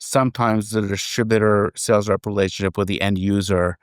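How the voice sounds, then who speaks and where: A man being interviewed on a podcast as a company chairman, telling stories in a relaxed, conversational way and acting out the quoted dialogue. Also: fairly low pitch, fairly quick, dry recording, studio quality. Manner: animated storyteller, acts out quoted dialogue.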